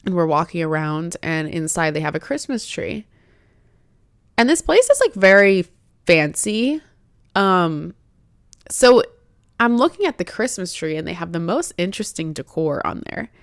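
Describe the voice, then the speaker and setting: A woman's voice: fairly low pitch, big pitch swings, measured pace, clean tone, no echo, studio quality. A woman in her twenties hosting a candid personal podcast, chatting in a heartfelt way with many "like" fillers. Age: 20s. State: tearful, emotional at times. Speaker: podcast host.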